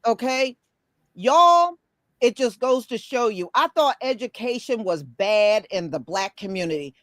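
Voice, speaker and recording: Woman host, fairly high voice, dry close sound; blunt, swears freely. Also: expressive, measured pace, fairly bright tone, no echo. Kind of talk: casual opinion talk.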